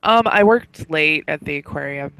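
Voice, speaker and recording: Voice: medium pitch, expressive, normal speed, creaky, bright, forceful tone, smooth, pitched below the performer's own voice, low-quality recording. A player voicing Ron, a tired, laid-back young man. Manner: laid-back, hesitant with fillers.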